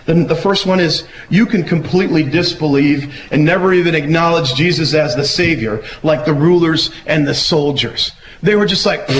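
Guy preaching casually, kinda high voice, faint background hiss. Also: moderate pace, few pauses, low-quality recording. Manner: conversational, acts out quoted voices. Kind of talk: casual sermon.

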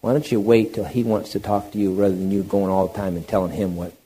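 A man preaching a sermon, animated, moving between loud emphatic passages and hushed, quiet ones. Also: fairly low pitch, quick pace, breathy edge.

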